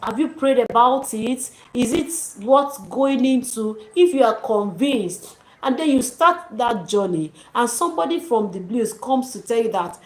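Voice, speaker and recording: A YouTube channel host with a slightly high voice, lively intonation and measured pace offers her viewers casual, preachy motivational advice. Encouraging throughout, she calls them "dearies" and "sis," recorded in an echoey room with faint noise.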